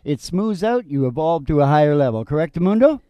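A man's voice: fairly high pitch, very animated, a little fast, warm tone, clear, resonant tone, no echo. A man hosting a casual music podcast, rambling and laughing as he talks. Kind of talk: casual chat and live country singing.

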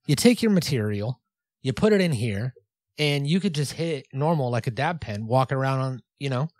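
A man's voice: mid-range voice, lively intonation, moderate pace, a little mellow, no echo, studio quality. A man co-hosting a comedy podcast, playfully leading the bits with mock instructions and a joke ad read. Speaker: podcast co-host.

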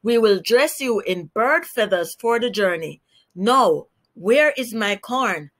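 A woman's voice: medium pitch, animated, unhurried, a bit bright. A woman voicing an impatient male parrot in a storybook reading, fretful and pressing.

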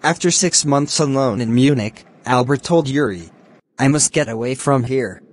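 A man reading a scripted animated story in an even, plain way, voicing all the characters. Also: medium pitch, moderate pace. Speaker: narrator.

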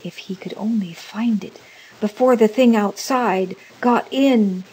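Slow husky woman reading a story. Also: medium pitch, poor audio. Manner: slow, expressive reading for learners. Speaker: narrator.

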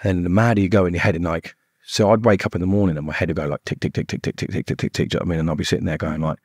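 Podcast guest: middle-aged man, low and husky, rapid rambling delivery, dry close sound. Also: steady tone, a little mellow, no echo. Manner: blunt, swearing, rambling with many "like"s. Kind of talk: casual storytelling.

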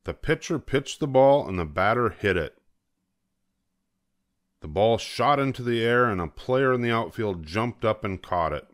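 An older man reading a children's picture book aloud, storytelling. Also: lowish voice. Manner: slow, lively storytelling.

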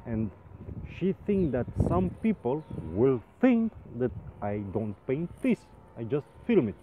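A man telling a funny story in halting English, full of restarts and comic exaggeration. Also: mid-range voice, big pitch swings. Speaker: rope access painter. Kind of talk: casual storytelling vlog. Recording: phone-like sound with faint noise.

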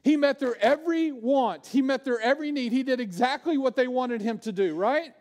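Guy preaching, really high voice, goes from big loud bits to quiet hushed stuff. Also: fairly quick. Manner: animated preaching, swings from loud bursts to hushed, low asides. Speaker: pastor. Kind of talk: sermon.

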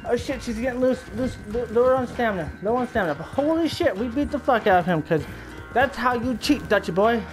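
A young man talks over his gameplay, excitable and profane, and repeats himself as he plays. His voice sits high. Game music plays behind him. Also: fairly quick, rough recording. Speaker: let's play gamer. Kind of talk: gameplay commentary.

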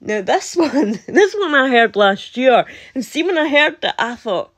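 Scottish woman, casual vlogger, slightly high voice, slow and giggly, talks like she's chatting to friends. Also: sing-song, fairly bright tone. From Scotland. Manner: chatty, laughs often, incredulous asides. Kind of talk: casual chat to camera.

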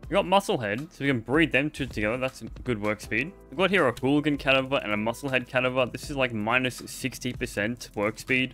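A young man with a medium-pitched, bright, forceful voice hosts a gaming video. His commentary is casual, playful and jokey, and he chats to the creatures on screen as he plays.

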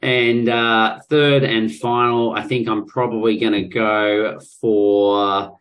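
A man's voice: lowish voice, flat delivery, slow, fairly bright tone, low-quality recording. A man, co-hosting a rugby podcast and joking cockily through casual banter. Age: 30s. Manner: cocky and joking. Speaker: podcast co-host.

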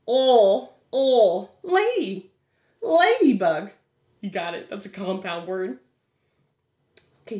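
A woman leads a preschool phonics lesson in a high, bouncing voice. She talks slowly and encourages as she draws out each letter sound. Her voice carries in an echoey room. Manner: sing-song, encouraging, drawn-out letter sounds. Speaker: preschool teacher.

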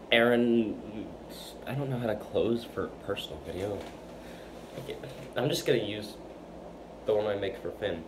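A man vlogging in a loose, rambling way, stuttering and repeating words, with plenty of fillers and restarts. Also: on the low side. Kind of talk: casual rambling talk to camera. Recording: noisy background hiss.

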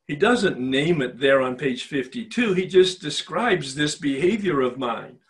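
A man's voice: on the high side, animated, a little slow. An older man facilitating a spiritual recovery retreat, telling his own story in a personal, confessional way and posing emphatic rhetorical questions.

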